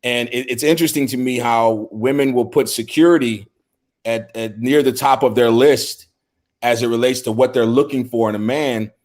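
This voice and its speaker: A man's voice: mid-range voice, fairly even intonation, normal speed, a little mellow. A middle-aged man on a men's talk show, speaking earnestly in casual conversation and often repeating words as he starts a thought.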